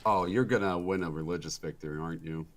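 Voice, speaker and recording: A man's voice: low voice, fast talker. A man bantering on a voice call during a game, making dry wisecracks and swearing casually. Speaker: player on voice call.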